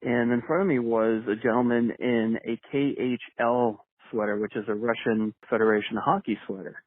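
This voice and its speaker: A man's voice: medium pitch, steady tone, normal speed, dry recording. Man telling a story over a phone line. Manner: chatty storyteller, chuckles while telling. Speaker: caller. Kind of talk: phoned-in anecdote. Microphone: phone voice message. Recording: dry tinny phone line.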